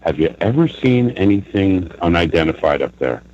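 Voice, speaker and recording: A man's voice: low-pitched, animated, normal speed, muffled recording, a little hiss or hum. A man calling into a live show, ranting angrily with lots of swearing and bursts of laughter. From New York, US. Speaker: caller. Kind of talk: casual call-in chat.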